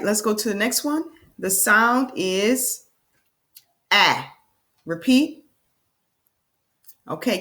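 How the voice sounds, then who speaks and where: Slow, lively woman teaching children. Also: medium pitch. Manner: slow, enthusiastic, sing-song prompts to young learners. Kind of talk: children's reading lesson.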